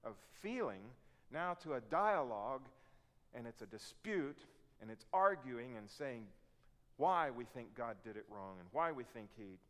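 A man's voice: medium pitch, lively intonation, unhurried, fairly bright tone. A man preaching a sermon, reading scripture and explaining it earnestly, acting out complaints in a raised voice. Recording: long hall reverb.

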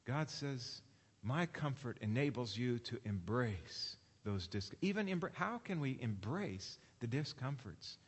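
A man preaching a sermon in a space with a long, trailing reverb. He asks his listeners question after question and slows down whenever he reads scripture aloud. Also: medium pitch, expressive, breathy edge. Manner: preaching with rhetorical questions, slowing for read scripture. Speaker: pastor.

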